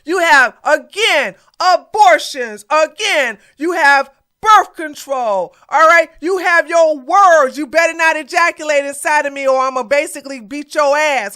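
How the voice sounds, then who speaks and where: Woman commentator, high-pitched and sharp, blunt sass, reaction-style delivery. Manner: blunt, sassy and emphatic.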